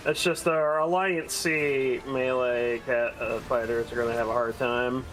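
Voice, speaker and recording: A man in a casual gaming stream explains a boss fight to his group. His voice sits in a middle pitch and he laughs easily between lines. Faint game music plays behind him. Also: unhurried. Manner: relaxed, explains raid tactics, laughs often. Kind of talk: casual gaming chat with friends.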